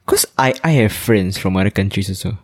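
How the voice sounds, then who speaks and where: Low-voiced young man, teasing banter. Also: breathy edge, no room sound, clean studio sound. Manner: teasing banter with quick interjections. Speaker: podcast co-host. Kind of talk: casual chat.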